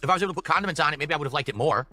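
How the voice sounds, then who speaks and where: A man reviewing fast food in a measured, descriptive, matter-of-fact way. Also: on the high side, pushed and bright, soft background music.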